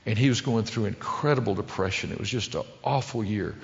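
Gravelly middle-aged preacher in a reverberant hall. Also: male voice, on the low side, a little fast. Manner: folksy storytelling, emotional, shifts between loud and hushed. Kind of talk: sermon. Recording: dull sound with long hall reverb.

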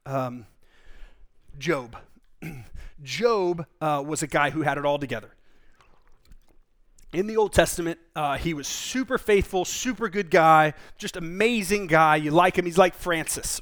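Pastor guy preaching casually, earnest, kinda high voice, stumbles and repeats himself. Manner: informal, earnest, restarts and repeats words. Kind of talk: conversational sermon.

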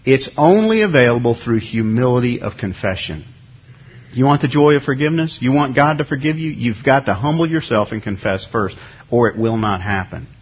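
Husky-voiced man preaching conversationally. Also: medium pitch, lively intonation, fairly quick, muffled recording. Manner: conversational preaching with acted-out quotes. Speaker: pastor. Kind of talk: sermon.

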